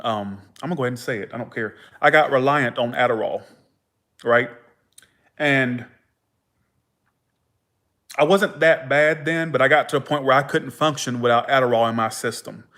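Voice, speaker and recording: A young man hosting a livestream, telling his stories casually with swearing and acting out the people in them. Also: medium pitch. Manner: animated, profane, acts out dialogue in his stories. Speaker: tarot livestream host.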